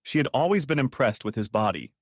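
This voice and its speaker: A man narrates a dramatic audiobook story in a steady, scripted reading. His intonation is lively, and the recording is dry and close. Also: medium pitch, quick pace, no echo.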